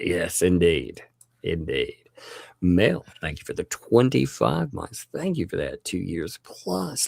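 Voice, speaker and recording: Male livestream host, low gravelly voice with lively pitch, dry close sound, laughs often. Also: dry recording. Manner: laughing often, drawn-out thank-yous. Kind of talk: casual livestream chat, thanking viewers.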